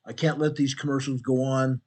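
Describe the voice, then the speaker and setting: Hoarse male talk-show host, blunt. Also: mid-range voice, flat delivery, brisk. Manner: blunt and opinionated, addresses listeners as "guys". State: hoarse, losing his voice. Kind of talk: casual political talk show.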